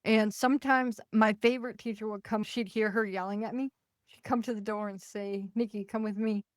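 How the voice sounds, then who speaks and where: A woman hosting a podcast, telling stories in a lively, animated way and acting out the voices of the people in them. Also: mid-range voice, normal speed, dry recording, studio quality. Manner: animated, acts out quoted voices. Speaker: podcast host. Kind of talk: casual storytelling.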